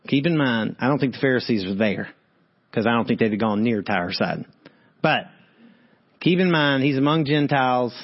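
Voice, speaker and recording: A man preaching a sermon, reading Bible verses and talking straight to his listeners. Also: mid-range voice. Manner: animated, talks straight to listeners, reads verses then comments. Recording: dull lo-fi sound.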